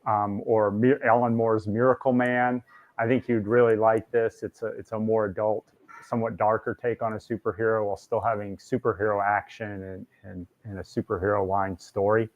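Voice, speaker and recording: A man, a comic creator and guest, pitching his series plainly on a livestream. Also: level tone, normal speed. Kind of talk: livestream chat. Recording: dull lo-fi stream audio.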